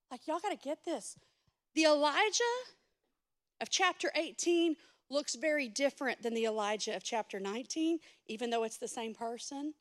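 Preaching at a moderate pace in a voice that sits high, this woman pastor shifts between forceful, urgent stretches and quiet, hushed speech, turning now and then to address the congregation directly.

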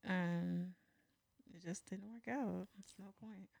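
A woman's voice: mid-range voice, fairly even intonation, slow, gravelly, darkish tone, no room sound. A young woman co-hosting a podcast, speaking frankly and outspokenly. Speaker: podcast co-host. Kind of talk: casual podcast chat.

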